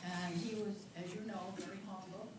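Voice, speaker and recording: An older woman speaking at a memorial, heartfelt and halting, close to tears. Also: lowish voice, fairly even intonation. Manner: heartfelt, tearful, slow and halting. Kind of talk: emotional memorial remarks. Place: hall at a memorial gathering. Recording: echoey room from far off with loud noise.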